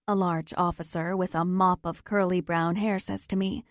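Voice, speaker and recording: A woman's voice: fairly low pitch, level tone, normal speed, no room sound, clean studio sound. A woman narrating a first-person romance audiobook in a tense, dramatic manner.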